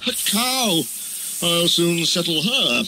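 A man's voice: a little high, animated, takes it slowly, background noise, voice pushed up. A man voicing a proud, grand male engine in a storybook reading. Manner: grand, then timid.

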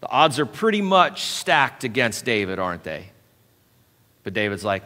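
A man preaching a sermon as pastor, acting out the story with sudden swings from quiet to loud. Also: fairly low pitch, normal speed. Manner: animated, acts out the story with dramatic shifts in loudness. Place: church sanctuary. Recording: church hall with long reverb.

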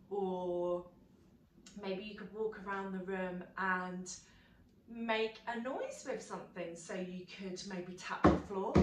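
A woman's voice: on the low side, slight background noise. A woman leading a sung movement session for toddlers, coaxing and encouraging in a sing-song way. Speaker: children's music teacher. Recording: echoey room from a distance. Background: ukulele music.

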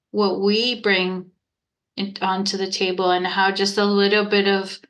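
A woman guesting on a podcast as a relationship coach, speaking with earnest, affirming sincerity. Her pitch stays steady and even, with little rise and fall. She sounds calm and heartfelt rather than showy. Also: poor audio. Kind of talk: podcast interview conversation.

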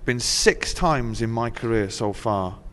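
A man's voice: medium pitch, lively intonation, a little slow, a bit bright. A middle-aged man and musician, chatting as an interview guest, telling wry, laughing stories laced with swearing. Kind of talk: casual chat. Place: venue dressing room. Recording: long hall reverb.

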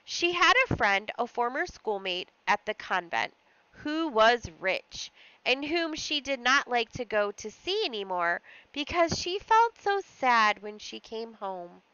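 A woman teacher reading a classic short story aloud for a lesson, with expressive delivery and the odd aside. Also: fairly high pitch, unhurried, clear, resonant tone, dry recording, muffled recording. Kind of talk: read-aloud lesson narration.

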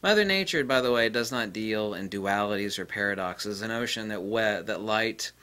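A man's voice: on the low side, normal speed, bright, forceful tone, clear, resonant tone. A man giving a rambling solo lecture, combative and profane, scornful of his critics. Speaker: channel host.

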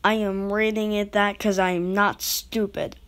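Slow, rambling woman vlogger. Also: medium pitch, little pitch movement, smooth. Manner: rambling, self-interrupting, talks to viewers directly. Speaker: video creator rating goal horns. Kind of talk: casual rambling vlog talk.

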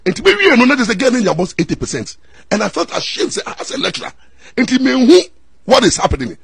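Man, Ghanaian accent, lively swooping delivery, dry close sound, storytelling. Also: very high voice, fast, creaky, breathy edge, dry recording. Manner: excitable, mixes Twi and English, repeats words. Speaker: lawyer and commentator. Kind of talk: animated storytelling talk.

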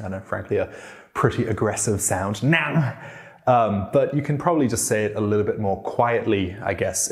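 A man with a low voice talks through a language lesson, explaining how tones carry emotion. He breaks off now and then to demonstrate the sounds himself, in a clear explanatory way. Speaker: language teacher.

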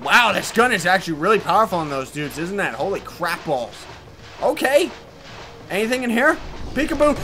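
A man doing let's play commentary, loud and excitable, often yelling at enemies. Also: high voice, moderate pace, background noise.

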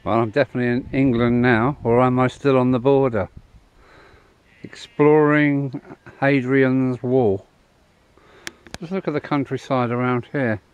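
A man's voice: mid-range voice, fairly even intonation, fairly quick, few pauses, clean tone, dull audio. A middle-aged man and truck driver, chatting casually in a rambling way while filming himself outdoors by a roadside and an old wall. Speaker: travel vlogger and truck driver. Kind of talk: casual travel vlog to camera.

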